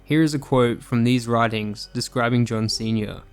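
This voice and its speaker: A man reading a scripted true crime narration in a measured, sombre manner. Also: medium pitch, clean tone, faint music behind.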